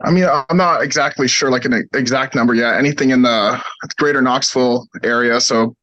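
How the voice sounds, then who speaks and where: Hoarse man presenting on a call. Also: medium pitch, a little fast, pushed and bright, dry recording, dull audio. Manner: hesitant, many ums. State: hoarse, coughing. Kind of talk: virtual meeting presentation.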